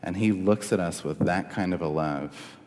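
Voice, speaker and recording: Young guy pastor, deep voice, casual earnest sermon, big reverby church hall. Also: moderate pace, darkish tone. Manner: earnest, conversational preaching with restarts.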